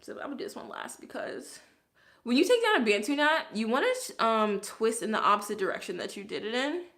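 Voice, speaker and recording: Very animated and brisk, this young Brooklyn woman speaks a little high with a slightly bright tone in a roomy-sounding space. A curly hairstylist with a Brooklyn accent, she chats casually through a hair tutorial, laughing often and filling it with "like"s.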